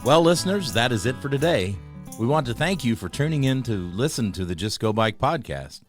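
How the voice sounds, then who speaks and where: A man's voice: medium pitch, animated, brisk. A man reading a scripted podcast outro in an upbeat announcing manner. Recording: dry mic with faint music behind.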